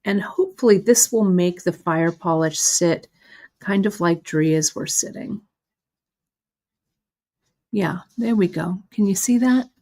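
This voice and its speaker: A middle-aged woman leads a live beading demonstration. Her voice sits a little low and she takes her time, talking easily as she works. She chats along and laughs at her own mistakes. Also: takes it slowly, long pauses, mellow. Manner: chatty, self-deprecating, talks while working. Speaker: beading instructor.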